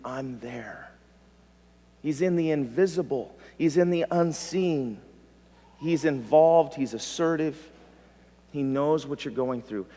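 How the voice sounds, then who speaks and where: A male pastor preaching a sermon, swinging from loud emphasis to hushed tones. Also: a little high. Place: church sanctuary. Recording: long reverb of a church hall.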